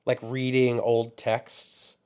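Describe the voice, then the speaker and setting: A man's voice: medium pitch, completely flat delivery, slow, darkish tone, smooth. A man chatting casually as a podcast co-host, often restarting his sentences. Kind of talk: casual chat.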